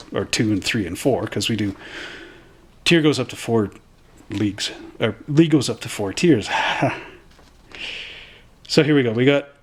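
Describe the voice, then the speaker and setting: A man hosting from a hobby shop, rambling through game rules in a casual, self-correcting way. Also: lowish voice.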